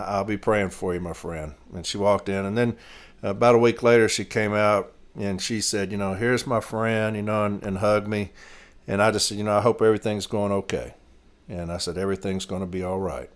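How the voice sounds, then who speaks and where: A man who works as a mail carrier, hosting a candid monologue that is earnest, blunt and full of swearing. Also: lowish voice. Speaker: podcast host, mail carrier.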